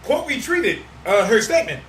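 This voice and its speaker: A man co-hosting a casual podcast chat, loud and emphatic, repeating lines for effect. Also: very high voice, very animated, normal speed. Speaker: podcast co-host. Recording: roomy, distant mic with faint noise.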